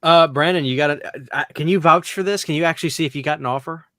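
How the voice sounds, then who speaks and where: A man hosting a podcast, telling stories in a rambling, excitable, casual way. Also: on the high side, fast, no echo, clean studio sound. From Louisiana, US. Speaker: podcast host. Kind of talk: casual chat.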